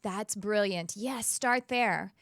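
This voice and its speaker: A woman's voice: mid-range voice, slow, fairly bright tone, dry recording. Earnest woman host, dry sound. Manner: earnest, reflective, with frequent self-corrections. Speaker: podcast host. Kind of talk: casual conversation.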